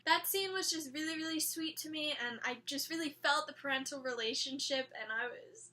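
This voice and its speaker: Young female vlogger with a high, bright voice; animated, chatty episode recap. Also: brisk, hardly any pauses. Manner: animated and chatty, laughs often, frequent "like". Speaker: TV episode reviewer. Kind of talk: casual episode review vlog.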